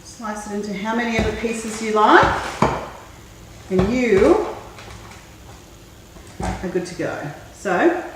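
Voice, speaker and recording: A woman hosting a cooking show, chatting in a relaxed way and thinking aloud as she works. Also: medium pitch, takes it slowly, pauses often. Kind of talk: casual cooking demonstration. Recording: very echoey room, mic far off, faint noise.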